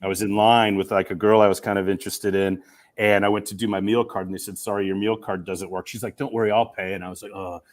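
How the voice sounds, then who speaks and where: Fast-talking earnest middle-aged man. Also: fairly low pitch. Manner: earnest, emotional, animated retelling. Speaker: guest, communication professor and coach. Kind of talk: storytelling in an interview. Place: campus room.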